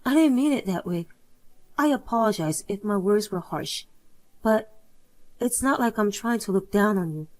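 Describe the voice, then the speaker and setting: A woman's voice, probably synthetic, reading the lines of a calm, firm young mother in a drama story. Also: medium pitch, pitched below the performer's own voice, close to an everyday voice. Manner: firm, measured.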